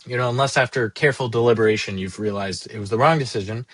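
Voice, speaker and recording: A SaaS founder in his twenties vlogs a candid, rambling vent, cursing freely and running himself down. His middle-pitched voice is fast and a bit bright, in a dry room without echo.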